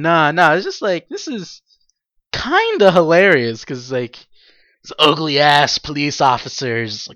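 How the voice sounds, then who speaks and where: A young adult host giving a casual solo podcast monologue, excitable and rambling, laughing often and swearing freely. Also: medium pitch, measured pace, no echo. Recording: dull lo-fi dry recording.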